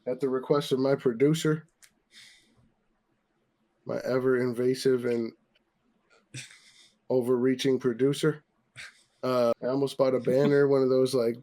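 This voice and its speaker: A man's voice: medium pitch, steady tone, unhurried, long pauses, mellow. A man hosting a casual podcast, ranting profanely about sports after a few drinks. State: tipsy. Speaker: podcast host.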